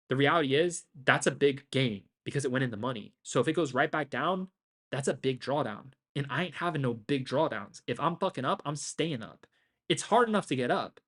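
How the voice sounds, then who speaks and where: A man hosting a live trading stream in a brash, rapid-fire monologue, peppering nearly every sentence with curse words. He lectures the chat directly, and when he gets hyped his voice climbs higher and louder. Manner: brash, swears constantly, talks straight to the chat. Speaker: livestream trading host.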